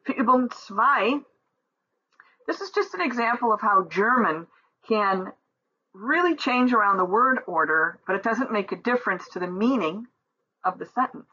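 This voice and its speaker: A woman teacher going through a German textbook exercise, reading example sentences slowly and explaining them in English. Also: medium pitch, lively intonation, bright, forceful tone, husky, lo-fi sound.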